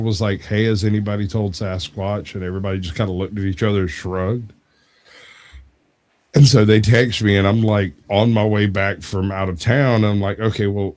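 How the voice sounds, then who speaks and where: Young man with a low voice, casual storyteller who acts out quoted voices and laughs easily. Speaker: debate show guest.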